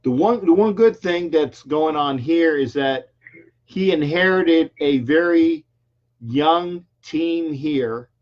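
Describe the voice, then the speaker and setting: Older male call-in host, chatty and rambling, fairly high voice, dull lo-fi sound. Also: slow pace. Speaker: radio call-in show host. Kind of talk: casual call-in sports talk. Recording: dull lo-fi stream audio.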